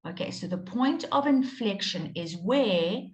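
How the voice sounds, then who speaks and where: A woman's voice: medium pitch, lively intonation, unhurried. A woman teaching a live online maths class, explaining steps patiently and checking in with her students often. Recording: roomy echo.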